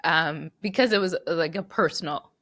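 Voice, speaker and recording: A woman's voice: low-pitched, moderate pace, fairly bright tone, no room sound, clean studio sound. A woman hosting her podcast solo, reflecting earnestly and fighting back tears, with restarts and repeated words. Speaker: podcast host.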